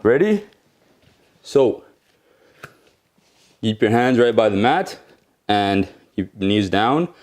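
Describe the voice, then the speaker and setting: A man's voice: fairly low pitch, animated, takes it slowly, pauses often, a little mellow. A man leading a home workout, encouraging, counting reps and checking in with "okay?" as he exercises along. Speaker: fitness instructor.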